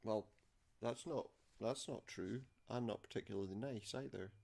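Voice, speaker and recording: Low-voiced guy playing a game, dry wry jokes, chatty. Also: normal speed, vocal fry, warm tone. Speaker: let's play gamer. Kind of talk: casual gameplay commentary.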